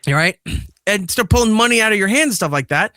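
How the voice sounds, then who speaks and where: A man's voice: high-pitched, quick pace, dry recording, clean studio sound. A man who hosts a podcast, telling a casual story with lots of swearing and acting out the quoted lines. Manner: profane, animated retelling that acts out quoted lines. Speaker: podcast host and father.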